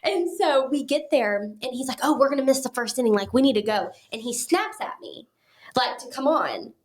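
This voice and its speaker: A woman guest on a podcast, telling a story in casual chat. She is talkative and animated, and she acts out what other people said. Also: high-pitched, moderate pace.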